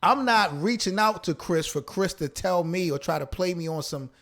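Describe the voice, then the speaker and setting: A man's voice: sits high, animated, moderate pace, fairly bright tone. A man co-hosting a casual live-streamed chat, talking in a laid-back, slangy way and ending phrases with "man". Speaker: co-host.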